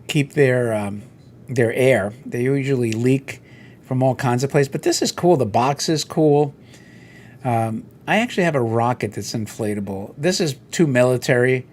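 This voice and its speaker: A middle-aged man hosting a casual solo chat, rambling and telling stories while he browses toy listings. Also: medium pitch. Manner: rambling, animated storytelling with quoted voices. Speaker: host.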